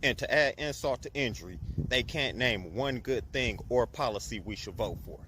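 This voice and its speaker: A man giving measured, critical commentary in a pointed monologue. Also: mid-range voice, animated, pushed and bright, slight background noise.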